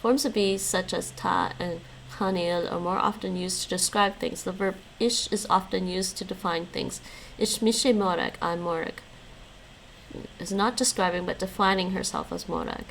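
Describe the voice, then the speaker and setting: A woman's voice: lowish voice, fairly even intonation, normal speed, vocal fry, fairly bright tone, slight background noise, rough recording. A woman streaming her language study, reading lesson notes aloud and chatting with her viewers, laughing often. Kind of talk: casual live-stream chat.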